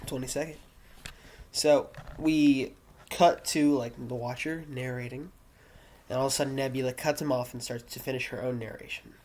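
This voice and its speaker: A man at home talks into his camera mic, recapping an episode in a loose, rambling way. He keeps correcting himself and fills the gaps with fillers, at an ordinary middle pitch. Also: fairly even intonation, moderate pace, a little mellow. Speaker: vlogger reviewing a TV episode. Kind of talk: casual solo review, recapping the plot.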